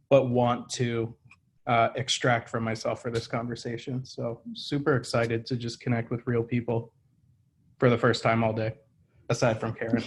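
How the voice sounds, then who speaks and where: Man, medium voice, weary and candid. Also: medium pitch. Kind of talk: video call check-in. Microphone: video call.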